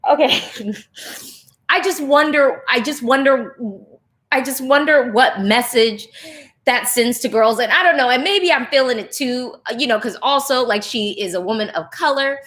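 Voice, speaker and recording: A woman's voice: on the high side, moderate pace. A woman vlogger giving casual, chatty reaction commentary full of fillers, who gets emotional while talking. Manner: chatty, animated, lots of fillers, nitpicking notes; gets emotional and laughs mid-thought.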